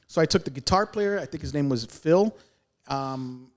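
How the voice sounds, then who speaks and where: Animated male storyteller. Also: a little high, moderate pace. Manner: animated, acts out other people's lines in the story. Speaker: podcast guest, radio veteran. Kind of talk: casual storytelling.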